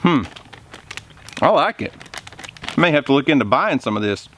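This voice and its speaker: A man's voice: medium pitch, moderate pace, slight background noise. A man hosting a homestead vlog in a greenhouse, chatting eagerly and talking with food in his mouth. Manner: excited, chatty, eating while talking. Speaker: homesteading channel host. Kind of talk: casual vlog talk to camera.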